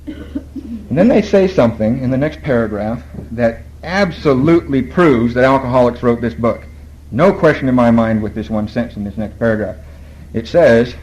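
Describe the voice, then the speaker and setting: A man's voice: mid-range voice, a little mellow, slight background noise, low-quality recording. A man speaking at a recovery meeting, telling his story in a storytelling way, quoting other people and laughing at his own lines.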